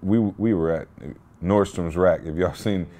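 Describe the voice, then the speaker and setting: A man's voice: sits low, unhurried, mellow. A man hosting a podcast, telling a story in casual, slangy chat. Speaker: podcast host.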